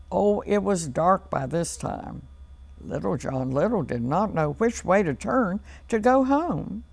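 A woman reads a storybook aloud to children on a studio television program. Her delivery is slow and gentle, with a gravelly texture. The sound is close and dry. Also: lowish voice, animated, no room sound.

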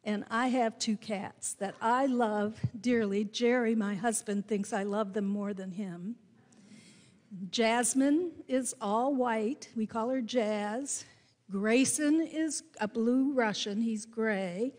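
A woman preaching with a Midwestern American accent, her voice sitting a little high. She tells her story slowly and deliberately, leaning into key words. The sound carries the long reverb of a church sanctuary. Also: darkish tone. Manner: storytelling, slow and deliberate with emphatic rises. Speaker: pastor. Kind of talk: sermon.

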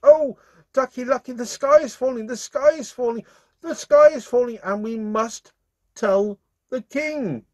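A man voicing a tiny, excitable female hen who cries out in a shrill, frantic way in a children's storybook reading. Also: measured pace, dry recording, clean studio sound. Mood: panicked.

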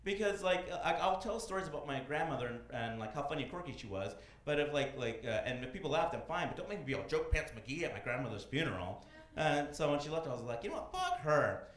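A man doing stand-up comedy, telling profane, animated stories on a club stage. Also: on the high side, quick pace. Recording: echoey club with audience noise.

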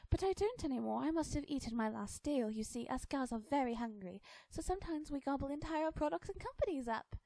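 A woman's voice: high voice, lively intonation, brisk, gravelly, few pauses, dark tone, dry recording, voice pushed up. A woman doing an eager young girl. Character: thirteen-year-old girl, eager and polite.

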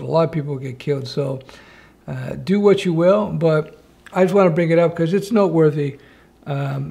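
A man's voice: fairly high pitch, vocal fry, a little mellow. A man hosting a casual live-stream Q&A, reading chat questions aloud and answering with wry asides from his home office.

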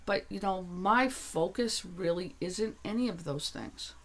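Speaking unhurriedly in a lowish voice, a guest author and energy worker from New Hampshire chats about her spiritual work. She gets blunt and emphatic, cursing freely as she becomes heated and insistent.

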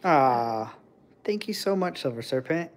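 A man hosting a casual stream, chatting with viewers and talking to his pet birds in soft, doting baby talk. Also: on the high side, animated, measured pace. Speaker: livestream host with pet birds. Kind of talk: casual chat with pets and viewers.

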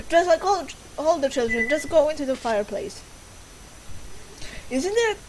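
Slow-talking woman playing a horror game. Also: high voice, very animated, background noise. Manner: laughs often, swears, reads game text aloud. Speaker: let's play gamer. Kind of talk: casual gaming commentary. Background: game music.

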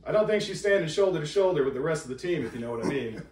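A man's voice: fairly high pitch, animated, racing, a little mellow, a little hiss or hum. A man doing a stand-up set in a living room, telling a joke story with confident punchlines. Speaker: stand-up comedian and game contestant. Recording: echoey room from far off.

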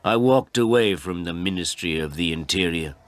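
Slow, deliberate male audiobook narrator. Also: sits low, no room sound. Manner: slow and deliberate, plain sentences. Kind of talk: slow, clear reading of a first-person story.

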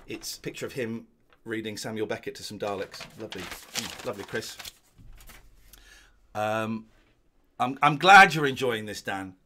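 A middle-aged man, giving rambling, chatty commentary while watching an old show in his living room at home. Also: pushed and bright. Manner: rambling, chatty, drifting into low asides. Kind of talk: casual watch-along commentary.

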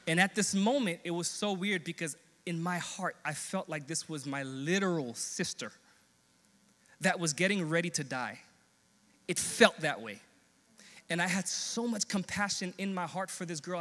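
A young adult man preaching, telling a personal story with earnest, animated quoted dialogue. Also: on the high side, unhurried, pauses often. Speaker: pastor. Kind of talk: sermon storytelling. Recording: long hall reverb.

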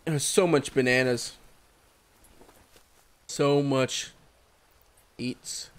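A man's voice: medium pitch, steady tone, very slow, smooth. A man giving casual solo commentary over a survival game, exclaiming at surprises. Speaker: gameplay commentator.

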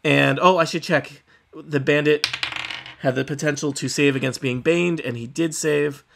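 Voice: medium pitch, steady tone, normal speed, vocal fry, noisy background. A game master running a tabletop game, narrating the action with a dry, wry wit.

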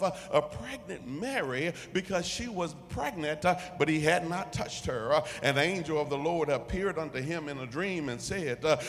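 A man's voice: on the high side, a bit bright. A man preaching a sermon as guest preacher, using many "uh" fillers and building repetitive call-and-response refrains. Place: church sanctuary. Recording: long church reverb.

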